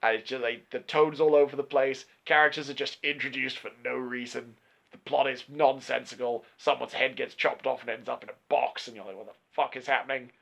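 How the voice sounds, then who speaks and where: A man's voice: medium pitch, fairly even intonation, a little fast, gravelly, a bit bright. A man in his twenties co-hosting a movie podcast in casual chat, ranting animatedly and swearing often. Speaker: podcast co-host. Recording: lo-fi podcast recording.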